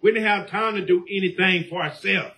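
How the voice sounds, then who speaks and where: High-voiced preacher man shouting sermon. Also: steady tone, fairly quick. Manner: preaching call-and-response, rising to shouts.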